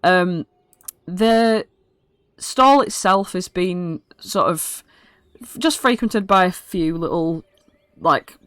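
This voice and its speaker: British woman DMing, rambly and sweary, smooth clear voice, dry sound. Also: fairly low pitch, expressive, slow, no echo. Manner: casual, rambling with fillers, swears. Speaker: dungeon master. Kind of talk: narrating a tabletop game.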